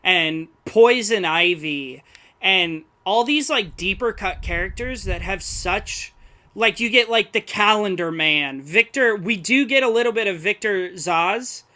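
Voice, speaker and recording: A young man in a casual film discussion, talking in a halting way as he searches for words, with loose, amused slang. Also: high-pitched, lively intonation, bright, forceful tone. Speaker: film podcast co-host.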